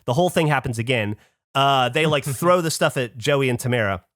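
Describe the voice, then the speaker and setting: A man hosting a podcast who tells a story in casual chat. He is animated, swears casually and acts out other people's lines. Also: medium pitch, fairly quick, no room sound, studio quality. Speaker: podcast host.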